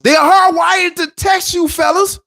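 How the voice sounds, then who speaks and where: A man's voice: extremely high pitch, steady tone, normal speed, sharp tone, raised voice. A man giving relationship advice to other men in an emphatic, preachy monologue, repeating his points. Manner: emphatic, repetitive, street-preacher cadence.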